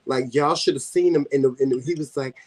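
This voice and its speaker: A man with a Southern US accent, hosting a casual vlog chat and telling teasing stories in an animated way. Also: mid-range voice, quick pace, rough recording. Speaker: vlog host.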